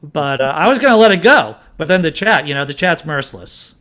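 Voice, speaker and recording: A man from Boston chatting on a casual livestream, wry and teasing, with an emphatic push to his points. His voice is bright and a little high, and he speaks into a home mic on a video call. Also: big pitch swings, a little fast. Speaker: co-host.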